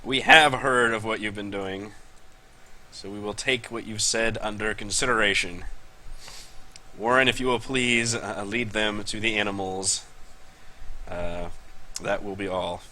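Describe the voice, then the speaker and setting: A man's voice: fairly low pitch, fairly even intonation, a little slow, pauses often, pushed and bright, low-quality recording. A man voicing a flustered middle-aged ranch owner who talks indignantly and sputters. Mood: weary.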